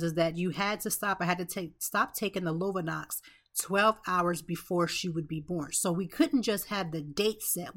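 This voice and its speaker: A woman's voice: lowish voice, fairly bright tone. Earnest woman telling a personal story. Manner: earnest, emotional, with many restarts and asides. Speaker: podcast host.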